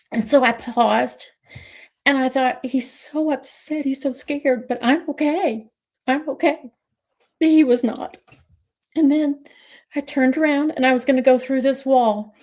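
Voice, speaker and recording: A woman's voice: mid-range voice, darkish tone. A middle-aged woman, co-host of a livestream talk show, tells a personal story in a reflective, emotional way.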